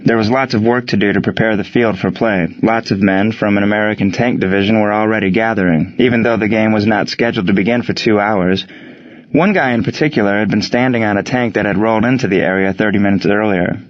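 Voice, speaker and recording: A man reading a story aloud in a steady, measured narration. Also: fairly low pitch, dull audio. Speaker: audiobook narrator.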